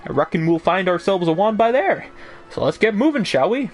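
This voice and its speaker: Hammy fairy sidekick, streamer doing it, fake Irish going Australian, lively. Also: male voice, high voice, brisk, soft background music, pitched above the performer's own voice. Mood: playful. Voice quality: mock Irish accent slipping toward Australian. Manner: hammy, playful imitation. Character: chatty little male fairy sidekick. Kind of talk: reading game lines aloud on a stream.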